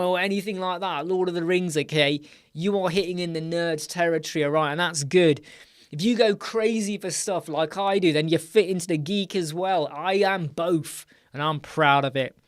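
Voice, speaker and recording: A man's voice: fairly high pitch, moderate pace, smooth. A man with a British accent, tired, hosting a live Q&A stream, rambling, correcting himself and checking in with "right?" as he goes. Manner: rambling, self-correcting, asks "right?" often. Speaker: livestream host.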